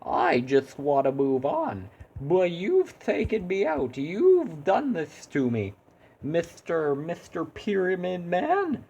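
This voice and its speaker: A man voicing a male hero who sounds overly cheery while dwelling on grim things, with a drawn-out, sing-song delivery. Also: high voice, wildly swooping pitch, creaky, a little mellow, slightly rough, muffled recording, pitched above the performer's own voice, full character voice. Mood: mock cheery.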